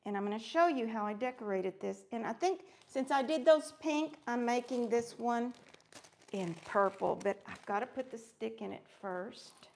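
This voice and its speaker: On a live crafting stream, a woman with a somewhat high, slightly mellow voice and some vocal fry talks at a moderate pace. She keeps the chat upbeat and friendly, greeting viewers by name while she works.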